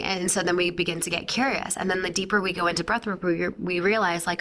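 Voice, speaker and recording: A woman's voice: on the low side, fairly even intonation, fast, hardly any pauses, a bit bright. A woman in her thirties, a breathwork founder chatting as a guest, full of "like" fillers. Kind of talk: casual interview chat.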